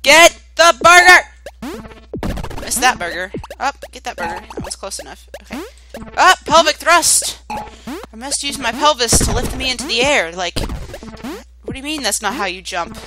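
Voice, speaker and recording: A woman commenting on a video game as she plays, excitable, yelping and shouting and swearing playfully along the way. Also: mid-range voice, normal speed. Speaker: gaming video host. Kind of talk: let's-play commentary. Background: game music.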